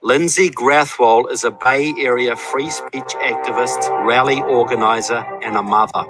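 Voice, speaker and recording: A man giving scripted documentary narration in a measured, even delivery. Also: medium pitch, over music, rough recording.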